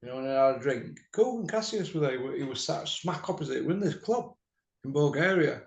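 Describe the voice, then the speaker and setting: A middle-aged man telling a rowdy story in casual chat, mouthy and quick to laugh. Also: a little high, lively intonation, vocal fry. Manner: mouthy, laughs a lot, slips into quoted voices. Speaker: podcast host. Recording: echoey room.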